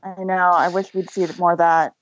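A woman's voice: on the low side, little pitch movement, moderate pace, no echo, highs cut off. A woman on a film podcast panel, chatting casually, gushing but self-aware. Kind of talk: casual chat.

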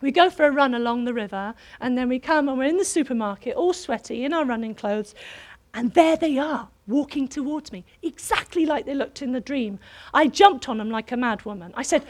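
A woman preaching to a congregation, telling a personal story in an animated way that keeps breaking into laughter. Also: high-pitched, fairly quick. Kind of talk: sermon storytelling.

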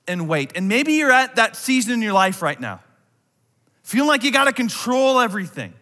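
Bright-voiced pastor man preaching in a hall. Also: very high voice, moderate pace. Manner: animated, acts out anxious voices, drops to a hush. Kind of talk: sermon. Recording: long hall reverb.

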